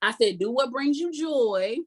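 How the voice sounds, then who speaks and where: A woman life coach giving a motivational talk in a folksy, sermon-like way, repeating key phrases slowly for emphasis. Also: fairly high pitch, expressive. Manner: folksy and sermon-like, calls the audience "y'all" constantly.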